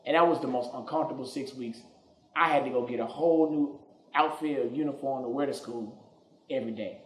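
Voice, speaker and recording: A man hosting a podcast, telling a comedic story in an animated, profane way, recorded in an echoey room. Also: medium pitch, fairly quick. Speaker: podcast host.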